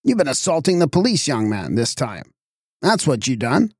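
A man voicing an irritable, blustering village constable who speaks gruffly and accusingly. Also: medium pitch, big pitch swings, moderate pace, no room sound, clean studio sound. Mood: scornful. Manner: gruff, accusing, rough speech.

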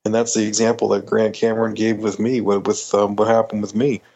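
A man's voice: lowish voice, level tone, a little fast, vocal fry, a little mellow, lo-fi sound. A middle-aged Canadian man, a podcast guest, telling a story animatedly, acting out quoted voices with many restarts.

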